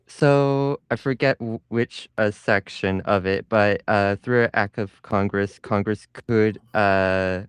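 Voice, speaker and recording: Low, smooth-voiced hesitant man. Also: dry recording. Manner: hesitant, many uh fillers. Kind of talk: casual gaming podcast chat.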